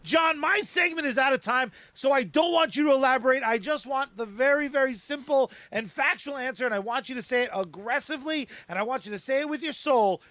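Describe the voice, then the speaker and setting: A man co-hosting a podcast, joking around and reading sponsors with excitable bursts of shouting. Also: very high-pitched, brisk, hardly any pauses, no echo. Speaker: podcast co-host. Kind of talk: casual chat and sponsor reads.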